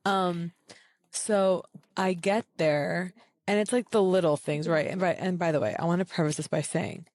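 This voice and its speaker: A woman co-hosting a podcast, telling an animated story in casual chat and jumping up in pitch to act out the people she quotes. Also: moderate pace, no room sound. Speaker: podcast co-host.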